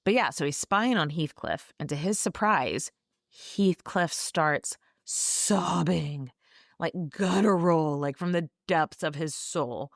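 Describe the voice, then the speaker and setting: A woman's voice: sits low, slow, vocal fry, dry recording. A woman podcast host recapping a classic novel in a breezy, gossipy, irreverent way, with swearing, on a close mic. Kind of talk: casual book recap.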